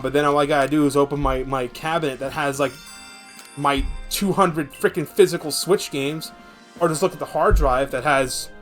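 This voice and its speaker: A man in his twenties chatting casually on a game stream, ranting in a rambling, profane way. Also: fairly high pitch. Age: 20s. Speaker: VTuber streamer.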